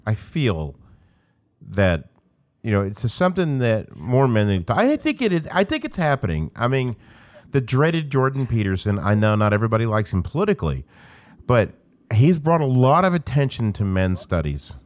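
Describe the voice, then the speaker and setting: A man's voice: mid-range voice, very animated, normal speed, no room sound, studio quality. A man hosting an interview, encouraging his guest and often chiming in with agreement. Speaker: podcast host. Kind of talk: casual interview chat.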